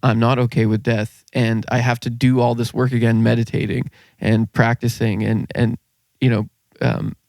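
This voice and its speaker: Guy rambling on a podcast, mid-pitch voice, dry close sound. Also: flat delivery, moderate pace, vocal fry, few pauses, a little mellow, no room sound. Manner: rambling, searching for words. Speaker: podcast co-host. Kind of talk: casual chat.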